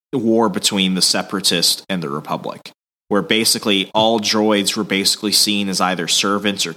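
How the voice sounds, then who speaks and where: A man with a lowish voice and a bright, forceful edge tells a comic's plot to his podcast co-host. He talks in an easy, animated way. Now and then he jumps up in pitch to act out the characters. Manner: acts out characters' lines with raised pitch; animated storytelling. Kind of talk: casual comic book recap.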